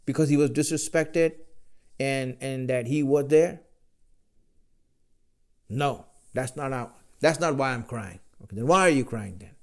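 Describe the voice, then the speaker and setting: A man giving a religious lecture, pressing his listeners with rhetorical questions in a measured, emphatic way. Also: medium pitch. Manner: rhetorical questions, role-plays the listener's replies.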